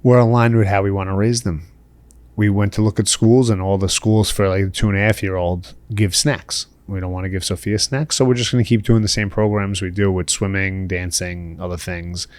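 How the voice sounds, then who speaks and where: Low-voiced New man, candid chat. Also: fairly even intonation, fairly quick, a little mellow, no echo. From the Bronx, New York. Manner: candid, laughs often, many "you know"s. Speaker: podcast guest, entrepreneur. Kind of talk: casual interview chat.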